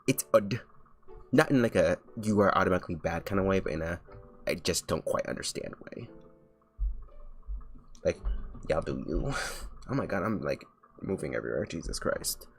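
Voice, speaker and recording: A man's voice: sits low, lively intonation, normal speed, creaky, long pauses. A young man streaming as a vtuber, chatting casually while he draws, rambling with lots of filler words and restarts.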